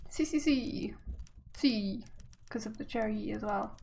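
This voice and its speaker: A woman's voice: on the high side, takes it slowly, vocal fry, pauses often, darkish tone. A woman streamer chatting casually while playing a game, chatty and self-mocking. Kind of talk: casual gameplay commentary.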